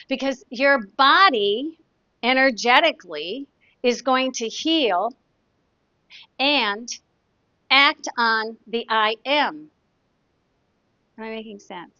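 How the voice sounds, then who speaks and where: A woman's voice: a little high, sharp tone, no echo. A woman therapist talking in a chatty, casual teaching way, demonstrating exercises and telling anecdotes. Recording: dull, dry lo-fi sound.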